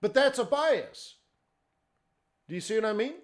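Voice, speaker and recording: A man's voice: high voice, lively intonation, unhurried. A man teaching forex trading in a live webinar, talking conversationally and checking in with "okay?" and "right?". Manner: conversational, rhetorical questions, frequent "okay?" and "right?".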